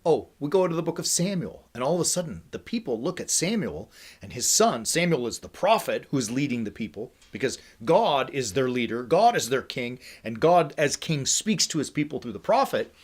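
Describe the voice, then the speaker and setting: A man hosting a faith ministry livestream, teaching in a lively, conversational way and often checking in with "right?". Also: medium pitch, moderate pace, few pauses, breathy edge. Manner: energetic, conversational, with frequent "right?" asides. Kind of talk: casual teaching talk.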